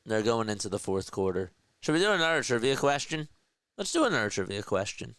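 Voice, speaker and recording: A man's voice: on the low side, big pitch swings, a little fast, fairly bright tone, no echo. A man calling a game live as a play-by-play streamer, casually chatting with viewers between plays.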